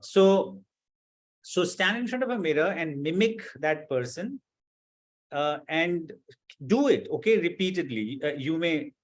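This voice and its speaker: A man, his voice sitting a little high, gives advice during a live online class. He talks earnestly and reassuringly, with many fillers and small restarts. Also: lively intonation, measured pace. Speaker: course instructor.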